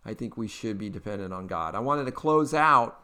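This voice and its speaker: A man's voice: lowish voice, lively intonation, moderate pace, bright, forceful tone, smooth. A man from Eastern Kentucky with a Kentucky accent, hosting his own podcast in a chatty, folksy, upbeat way with plenty of fillers. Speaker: podcast host. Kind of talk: casual political commentary.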